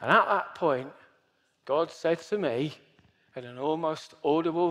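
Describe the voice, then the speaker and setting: A man's voice: a little high, measured pace, a bit bright, big-room sound. A man in his fifties giving an earnest, emphatic sermon as pastor. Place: church hall.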